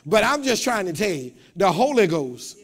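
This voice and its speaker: A man preaching a sermon to a congregation in a call-and-response style, repeating phrases and building up to shouts. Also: high-pitched, big pitch swings, moderate pace. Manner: repeats words, talks straight to the congregation. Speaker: pastor. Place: church.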